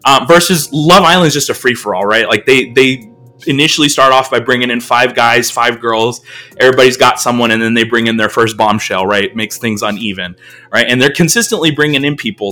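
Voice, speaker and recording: A man's voice: medium pitch, brisk, pushed and bright, soft background music. An American man hosting a podcast, talking casually in a rambling, filler-heavy, self-deprecating way. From United States. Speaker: podcast host.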